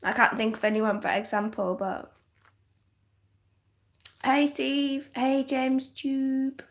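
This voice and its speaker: A young woman from northern England with a softened English accent, chatting casually on a livestream, giggly and full of "like" fillers. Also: high-pitched, steady tone, takes it slowly. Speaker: livestream host. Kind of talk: casual livestream chat reading comments.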